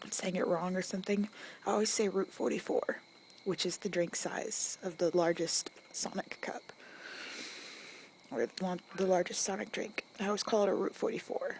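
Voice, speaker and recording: A young woman with an Arkansas accent in a whispered ASMR accent tag, chewing gum and musing softly, recorded outdoors at night on a phone mic. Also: medium pitch, slight background noise. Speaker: ASMR creator. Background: distant cars and crickets.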